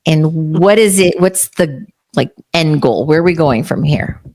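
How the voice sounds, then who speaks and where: A woman's voice: low voice, measured pace, a little mellow. A woman in her fifties from Texas, hosting a podcast interview in a chatty way and telling family anecdotes. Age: 50s. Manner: chatty, tells anecdotes acting out quotes. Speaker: podcast host. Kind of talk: casual interview chat.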